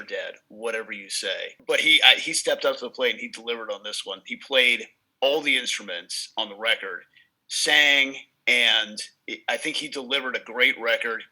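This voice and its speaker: Guy cohosting a podcast, really bright tense voice, excited storyteller. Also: medium pitch, poor audio. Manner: enthusiastic, storytelling, jokey asides. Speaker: podcast co-host. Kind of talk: casual chat about rock albums.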